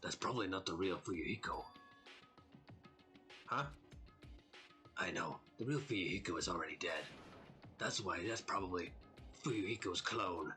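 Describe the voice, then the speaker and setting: A man putting on an unsettlingly calm teenage boy from a game who makes strange claims. He speaks low and measured, noticeably deeper than his own voice, with faint music behind. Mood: calm, eerie.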